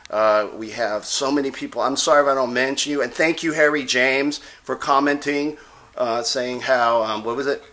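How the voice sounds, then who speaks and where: A man's voice: medium pitch, moderate pace, pushed and bright. Rambling man in a casual vlog. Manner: rambling, digressive, with frequent "okay?" check-ins. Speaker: vlogger and self-styled reverend. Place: Texas.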